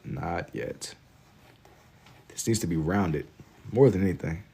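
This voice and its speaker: Young man from Kentucky, slightly low voice, laid-back slangy livestream chatter while drawing. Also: animated, slow, vocal fry, dark tone, breathy edge. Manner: laid-back and slangy, reading chat aloud. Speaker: livestreaming artist.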